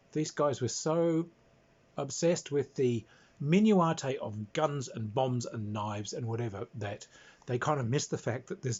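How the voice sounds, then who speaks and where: A man's voice: medium pitch, a little mellow, husky. A man casually recounting a tabletop game in an amused, rambling way, chuckling as he goes. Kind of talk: casual anecdote. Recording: dull lo-fi recording.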